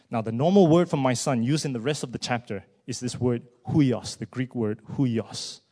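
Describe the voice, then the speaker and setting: A man preaching a sermon, asking many rhetorical questions and moving between hushed words and loud rising emphasis. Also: medium pitch, moderate pace.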